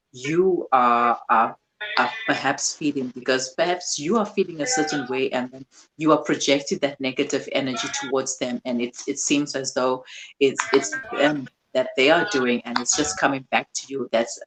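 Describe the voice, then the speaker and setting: A woman hosting an interview show, giving calm, reflective advice. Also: rumbling low, rough recording. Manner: measured, reflective, advising. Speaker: radio show host. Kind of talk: interview chat.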